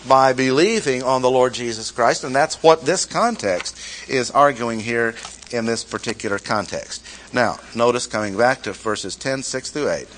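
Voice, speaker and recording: A man's voice: mid-range voice, moderate pace, a bit bright, a little hiss or hum, low-quality recording. A man teaching a sermon, emphatic, asking the audience questions and repeating key phrases. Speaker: Bible teacher. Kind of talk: expository sermon.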